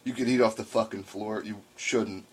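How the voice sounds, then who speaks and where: A man's voice: fairly low pitch, normal speed, breathy edge. A man casually telling a story on a podcast, swearing freely and acting out what people said. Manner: animated storytelling with profanity and acted-out quotes. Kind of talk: casual chat.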